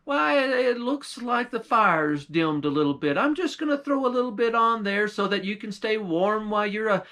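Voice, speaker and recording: A man's voice: sits high, expressive, normal speed, pushed and bright, pitched above the performer's own voice, exaggerated voice. A man voicing a scheming old witch with a folksy, drawling manner in a storybook tale. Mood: wheedling.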